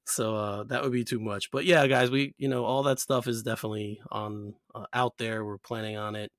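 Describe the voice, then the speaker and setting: A man's voice: on the low side, fairly even intonation, fairly quick, no room sound, studio quality. A man co-hosting a casual podcast, laid-back and rambling, laughing often. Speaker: podcast co-host.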